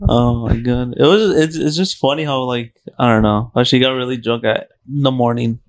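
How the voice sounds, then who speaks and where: A man's voice: mid-range voice, normal speed. A young man in casual podcast chat, telling loose stories with lots of swearing. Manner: loose storytelling, swears a lot.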